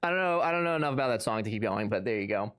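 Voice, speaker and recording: A man's voice: mid-range voice, lively intonation, rapid-fire, fairly bright tone, clear, resonant tone. A man streaming live, chatting casually and answering his chat with sarcastic, joking banter.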